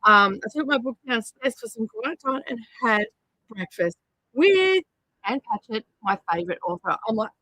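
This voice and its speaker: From her home craft studio, a woman hosts a crafting livestream, chatting casually and rambling with plenty of fillers. Her voice is a little high, expressive and bright with a forceful tone at a moderate pace, on a dry, low-quality recording.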